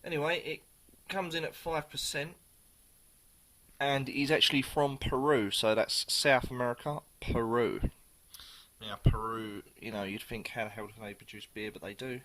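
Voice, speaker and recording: A man's voice: mid-range voice, moderate pace, fairly bright tone. A man chatting casually through a beer review on his channel, rambling, swearing and correcting himself as he goes.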